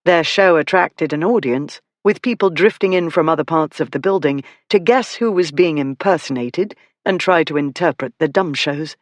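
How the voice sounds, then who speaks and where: An audiobook narrator giving a steady, scripted reading of a historical romance. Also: mid-range voice, normal speed, few pauses, dry recording.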